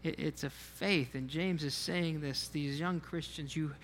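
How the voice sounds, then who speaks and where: A man's voice: on the high side, fairly even intonation, measured pace, fairly bright tone, big-room sound, a little hiss or hum. A man preaching a sermon as a pastor, talking in a conversational way, often repeating himself and putting questions to the congregation. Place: church sanctuary.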